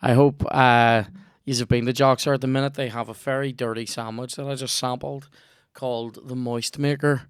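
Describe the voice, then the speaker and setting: A young Northern Irish man hosts a podcast in a cheeky, rambling way, with plenty of swearing. His voice is smooth and resonant. The sound is dry and close. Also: mid-range voice, level tone, normal speed, dry recording. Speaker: podcast host. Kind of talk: casual podcast chat and ad read.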